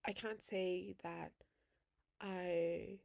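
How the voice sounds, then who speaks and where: A woman's voice: fairly low pitch, fairly even intonation, extremely slow, gravelly, no echo, clean studio sound. A woman talking through her feelings in a personal video diary, reflective and rambling, with lots of filler words. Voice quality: emotional, soft-spoken. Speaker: vlogger. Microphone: built-in computer webcam mic.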